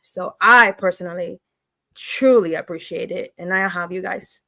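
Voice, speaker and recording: A woman's voice: lowish voice, normal speed, sharp tone. A woman co-hosting a live show, speaking in a heartfelt, emotional way. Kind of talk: casual live-show talk.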